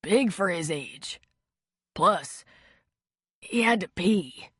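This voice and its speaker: A woman voicing a hurt, weakened man in an audiobook, speaking in a raspy, strained voice. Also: on the low side, expressive, drawn-out words, a bit bright, dry recording, studio quality, heavily acted. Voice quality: raspy, weak. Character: injured, weakened adult man.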